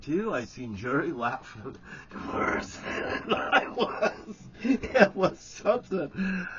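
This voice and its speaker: Man telling a story, rambling, swearing, chuckling, middle pitch, slightly dull recording, faint noise. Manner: rambling, profane, breaks into chuckles. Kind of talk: casual spoken storytelling.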